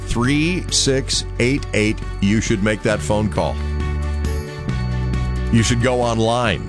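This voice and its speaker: A man's voice: medium pitch, slow pace, over music. A male radio host, chatty and joking, reading station and sponsor lines. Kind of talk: radio chat and ad reads.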